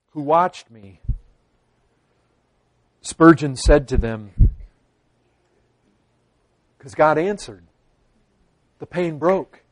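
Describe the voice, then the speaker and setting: A man delivers a sermon in a measured, unhurried way, leaning into quoted prayers with earnest feeling. His voice sits high for a man. The sound is close and dry, with no room echo. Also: darkish tone. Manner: earnest preaching with dramatic pauses and quoted pleas. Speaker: pastor.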